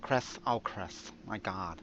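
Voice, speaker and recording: A British man putting on a low, breathy, swooning wife in a mock romance. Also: slow. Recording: dull lo-fi with faint hiss.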